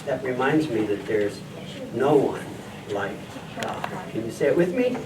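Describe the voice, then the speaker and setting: A man's voice: medium pitch, lively intonation, measured pace, natural voice. A man playing a friendly scribe teacher and farmer in a church children's skit, leading the kids in call-and-response. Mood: cheerful teaching. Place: church hall. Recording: echoey, distant mic, noisy room.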